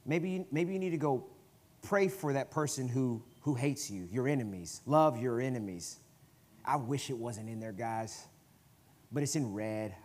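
A man with a Southern US accent, a guest preacher giving a conversational sermon in a church, swinging from quiet asides to emphatic, loud bursts. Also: mid-range voice, lively intonation, a little slow. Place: church sanctuary.

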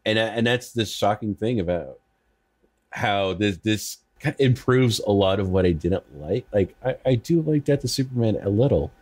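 Low-voiced man chatting casually. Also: animated, moderate pace, a little mellow. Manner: chatty, stammering restarts. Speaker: podcast guest. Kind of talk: casual podcast chat.

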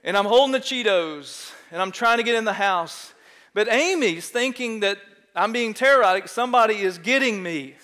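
A middle-aged man with a Texan drawl delivers a sermon in a large church, his fairly high voice carrying a long reverb through the sanctuary. He tells stories with lively, self-mocking energy and keeps checking in with the room. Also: normal speed. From Texas. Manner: animated, self-mocking storyteller, often asks "right?". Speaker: pastor. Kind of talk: sermon with storytelling.

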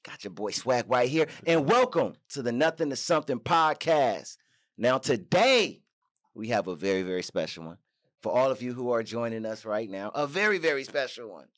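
A man hosting a podcast interview, energetic, laughing often and repeating his phrases. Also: medium pitch, moderate pace. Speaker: podcast host. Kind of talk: casual interview.

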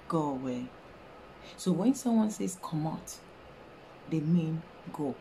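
A woman's voice: low-pitched, warm tone, a little hiss or hum, poor audio. A Nigerian woman giving a playful casual lesson, sometimes whispering her example phrases. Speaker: language teacher, vlogger.

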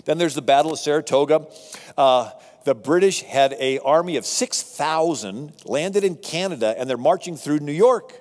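A man lecturing on history, telling it as a lively story to a live audience with asides. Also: fairly high pitch, normal speed, in a large hall. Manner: animated, conversational storytelling with asides. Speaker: speaker on history.

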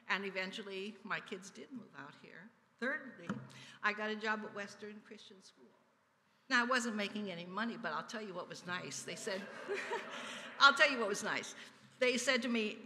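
A woman's voice: medium pitch, a little hiss or hum. Older lady testifying at church, earnest storyteller, big echoey sanctuary. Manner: earnest storytelling with soft laughs. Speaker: church member giving a testimony. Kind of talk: personal testimony in worship.

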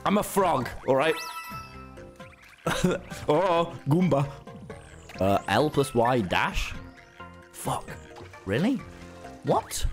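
A man streaming a game live, excitable and swearing, talking back to his chat. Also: fairly high pitch, extremely slow, vocal fry, long pauses, faint music behind. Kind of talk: live gameplay commentary.

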